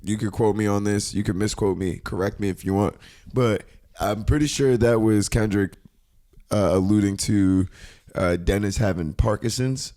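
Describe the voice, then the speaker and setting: A man's voice: lowish voice, normal speed, mellow. A man hosting a podcast, casually breaking down rap lyrics with laughter and swearing. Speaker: podcast host.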